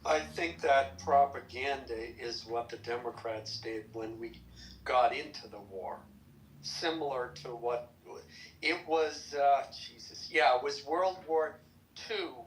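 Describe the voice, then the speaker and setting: Measured man in an echoey room. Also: mid-range voice, a bit bright, a little hiss or hum. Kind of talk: political podcast discussion.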